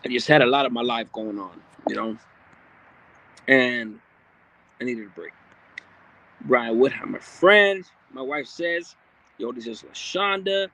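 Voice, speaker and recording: A man's voice: medium pitch, measured pace, pauses often, pushed and bright. A man hosting a livestream, reading viewer comments aloud in a blunt, streetwise, casual way with frequent profanity. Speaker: livestream host.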